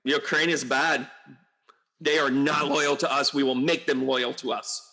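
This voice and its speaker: A man's voice: mid-range voice, steady tone, a little slow, gravelly, bright, forceful tone. A man putting on a sarcastic impression of a gloating male autocrat, with exaggerated fake apologies. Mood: stern.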